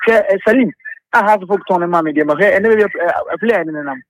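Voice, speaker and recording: Fast, fired-up radio caller. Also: male voice, high-pitched, no echo, poor audio. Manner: passionate, rambling, hesitant with restarts. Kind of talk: radio call-in complaint.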